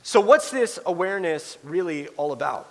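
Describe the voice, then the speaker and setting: A man preaches a sermon in a high, lively voice, animated as he acts out quoted voices. The sound carries a long reverb trail from a large church hall. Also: moderate pace. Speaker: pastor.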